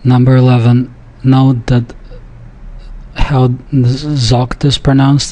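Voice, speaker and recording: Male teacher for a pronunciation lesson: unhurried, methodical, warm low-key timbre. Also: little pitch movement. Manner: slow, methodical, repeats each example sentence. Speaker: language teacher.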